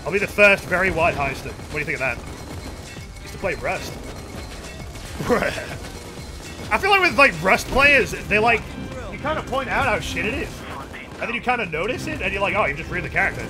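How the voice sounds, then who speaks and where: A young man giving goofy, excitable commentary while streaming a game, with sudden yells. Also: high-pitched, normal speed, long pauses. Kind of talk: casual gaming commentary. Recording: game music playing behind.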